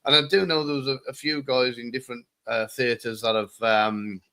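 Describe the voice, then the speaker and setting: A man's voice: medium pitch, fairly even intonation, bright, forceful tone, clear, resonant tone. Male podcast guest, laid-back, trips over his words a lot. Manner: easygoing, halting with many restarts. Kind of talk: casual chat.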